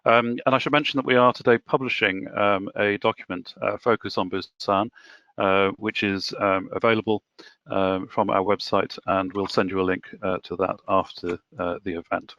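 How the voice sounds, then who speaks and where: Male webinar moderator, lowish voice, halting with fillers, dry and dull lo-fi sound. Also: fairly even intonation, a bit bright, no room sound. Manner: hesitant, with frequent filler sounds.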